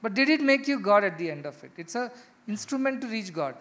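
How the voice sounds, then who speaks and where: A middle-aged spiritual teacher with an Indian English accent addresses ashram residents in a high, very animated voice that is fairly quick and a bit bright. His discourse is emphatic, packed with rhetorical questions and repeated key phrases.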